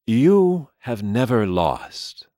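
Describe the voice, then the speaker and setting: A man voicing Mister Lee, an aging, smooth-spoken crime boss with a calm, formal, measured manner. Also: mid-range voice, no echo, clean studio sound, voice pushed up.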